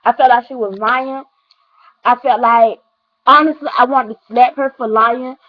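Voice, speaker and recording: A young woman vlogger tells her viewers a personal story, speaking earnestly and ramblingly, repeating herself often and addressing the audience directly. Her voice is on the high side with fairly even intonation and normal speed, on a dull lo-fi recording.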